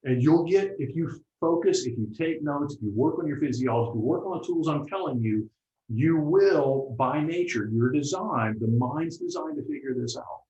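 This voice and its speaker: An animated man gives a motivational seminar talk, often turning to the audience to check that they are following. His voice carries a roomy echo, and the recording sounds dull and lo-fi. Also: fairly high pitch, moderate pace. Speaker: motivational speaker.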